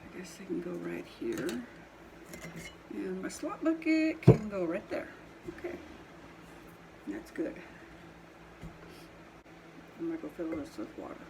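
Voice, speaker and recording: A middle-aged woman with a Southern twang and a sniffly nose, talking slowly and unhurriedly as she works at her pottery wheel. She rambles and laughs easily through casual chat in her home studio. A steady hiss of background noise runs under her voice. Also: lowish voice. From Colorado. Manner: chatty, rambling, laughs often. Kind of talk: casual chat while working.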